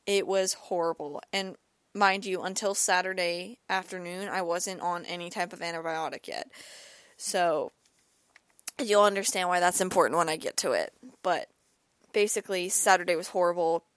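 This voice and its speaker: A woman's voice: fairly low pitch, normal speed, a bit bright, dry recording. A young woman hosting her own podcast, telling a personal story in a rambling, casual way with lots of repeated words and "like," while ill with an ear and throat infection. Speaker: podcast host.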